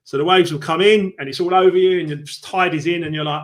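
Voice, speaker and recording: Man, slightly high voice, live stream host, casual chat, animated, explains with analogies. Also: fast talker. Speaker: host of a live book club show.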